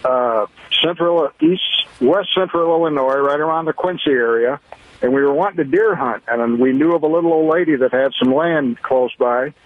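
Male caller, folksy storyteller, slightly high voice, dull lo-fi phone line. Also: normal speed. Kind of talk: telling a story on a call-in show.

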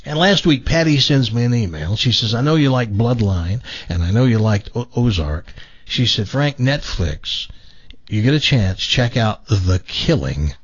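A man's voice: medium pitch, unhurried, breathy edge, muffled recording. A man hosting a radio talk show, chatting casually and telling a long joke with voices for its characters. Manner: animated storyteller, voices characters in jokes.

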